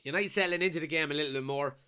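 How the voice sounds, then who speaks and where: An Irish man from Kilkenny with a blocked nose from a cold, excitedly commenting live on a football match and reading out chat messages as a watchalong streamer. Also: fairly high pitch, very fast, smooth. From Kilkenny, Ireland. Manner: excitable, shouts at players and referee.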